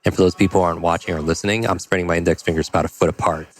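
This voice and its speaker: A man telling a personal story as a podcast guest, energetic and acting out the dialogue. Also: low-pitched, racing. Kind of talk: conversational storytelling.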